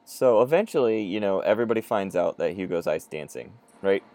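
A low-pitched man in his thirties holds up his end of a casual podcast chat. His voice swoops up and down as he mocks what he describes and acts out the people in it. He is sarcastic and swears freely. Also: brisk. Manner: sarcastic, profane, animated, acts out characters. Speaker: podcast co-host.

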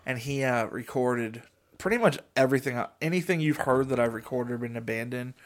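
A young man chats casually on a podcast, spinning a long anecdote. He laughs often and slips into quick impressions of the people in his story. His voice sits at an ordinary middle pitch.

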